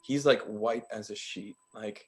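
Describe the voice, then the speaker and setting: A man co-hosting a podcast who tells a story in a casual, animated way and laughs often. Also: lowish voice, unhurried. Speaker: podcast co-host.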